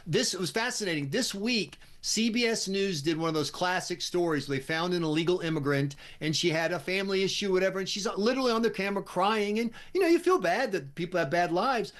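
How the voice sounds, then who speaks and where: An American man appearing as a guest commentator on talk radio, speaking in a brisk, wry, opinionated way. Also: high voice, a bit bright. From United States.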